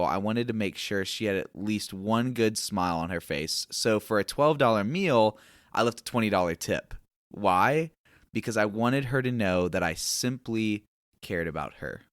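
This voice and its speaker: Man, podcast host, low voice, lively storytelling, acts out dialogue, dry close recording. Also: no room sound. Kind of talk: personal storytelling, faith teaching.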